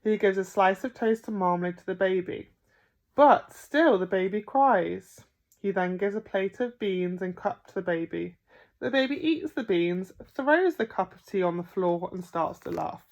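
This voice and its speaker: A woman reading a picture book aloud to children as a primary school teacher, expressive and playful. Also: medium pitch, moderate pace. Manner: expressive, with gasps and playful emphasis.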